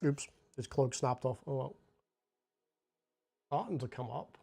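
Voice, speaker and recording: A man's voice: medium pitch, measured pace, gravelly, mellow, breathy edge. A young man with a Scottish accent chatting casually and rambling while he paints on a livestream, swearing freely and saying "like" a lot.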